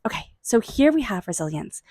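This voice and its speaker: A woman giving a tarot reading, murmuring invocations to angels and spirit guides and offering warm, excited encouragement. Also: a little high, a little fast, no echo. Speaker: tarot reader. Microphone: own microphone.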